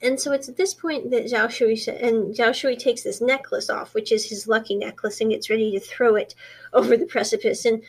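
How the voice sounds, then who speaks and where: Woman, slightly high voice, chatty drama recapper, quiet quoted lines. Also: a little fast, slightly rough. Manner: chatty, animated storytelling, quiet quoted dialogue. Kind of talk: casual retelling of a drama plot.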